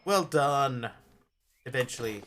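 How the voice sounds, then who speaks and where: A man's voice: medium pitch, lively intonation, slow pace, noisy background. A man streaming a game live, chatting casually and greeting viewers while he plays. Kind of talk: live gameplay commentary.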